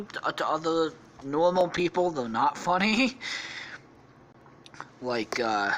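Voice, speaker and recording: A man's voice: medium pitch, fairly bright tone, slight background noise. A man hosting a podcast, rambling through an improvised comedy story with lots of swearing and laughter. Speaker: podcast host.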